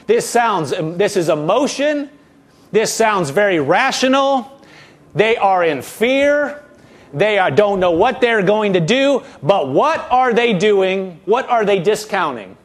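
A man's voice: sits high, big pitch swings, unhurried. A man preaching a sermon, reading verses aloud and briefly mimicking the complaining people in a whiny voice. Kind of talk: expository sermon reading scripture.

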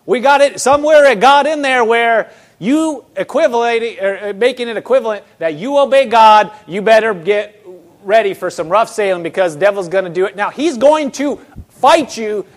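A man's voice: high-pitched, expressive, normal speed. A man preaching a sermon, emphatic, asking the congregation rhetorical questions and repeating words for emphasis.

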